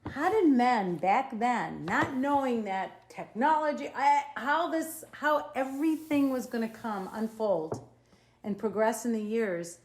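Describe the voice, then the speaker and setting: A woman's voice: on the high side, animated, a little slow, roomy sound, slight background noise. Opinionated middle-aged Boston woman. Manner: opinionated, emphatic, repeats her points. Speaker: podcast guest, mother. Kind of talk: casual political chat.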